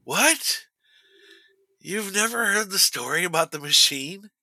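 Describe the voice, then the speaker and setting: A man's voice: high-pitched, lively intonation, moderate pace, bright, forceful tone, dry recording, rough recording. A middle-aged man chatting casually on a podcast, telling a long story with restarts and laughing at his own tale. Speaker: podcast co-host.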